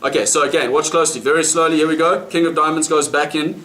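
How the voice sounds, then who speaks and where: Gadatliwy magik z RPA, wysoki głos. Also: male voice, a little high, fairly even intonation, quick pace, fairly bright tone, roomy sound, a little hiss or hum. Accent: South African. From South Africa. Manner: chatty, laughing between lines, asks audience questions. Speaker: magician. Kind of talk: live card magic performance with patter. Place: restaurant, indoors.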